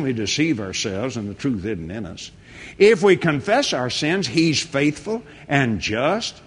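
A man's voice: on the high side, slightly rough. Fiery preacher man. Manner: dramatic, swinging from shouting to hushed. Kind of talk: sermon with storytelling.

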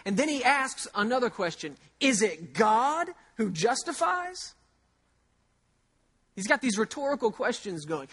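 High-voiced man preaching a sermon. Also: sing-song, a bit bright, breathy edge. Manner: repeats key phrases slowly for emphasis; conversational, with rhetorical questions. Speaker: pastor.

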